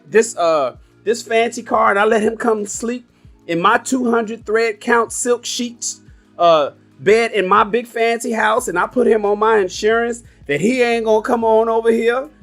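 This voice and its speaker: A man putting on the voice of a bitter older woman, speaking in a high, mocking, sassy tone. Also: unhurried, faint music behind. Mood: mocking, scornful. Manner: high mocking sassy voice, neck-snapping attitude.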